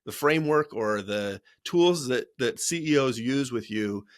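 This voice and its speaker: A middle-aged man hosts a podcast in a relaxed, casual way, with a voice of ordinary male pitch. He puts questions to his guest and chimes in with short agreements. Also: measured pace. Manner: easygoing, asks questions and adds brief agreement. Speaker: podcast host. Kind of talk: casual interview chat.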